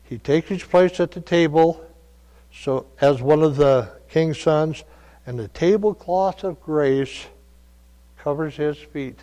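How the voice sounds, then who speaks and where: A man preaching a sermon, telling stories in a folksy way that moves between quiet asides and loud calls. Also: fairly high pitch, slow pace. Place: church. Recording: long reverb of a church hall.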